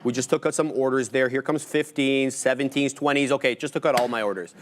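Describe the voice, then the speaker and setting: A man's voice: medium pitch, steady tone, a little fast, a little hiss or hum. Man calling out price levels live. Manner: calls out price levels and orders as they fill, with playful asides. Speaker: day trader co-hosting a live market stream. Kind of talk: live trading commentary.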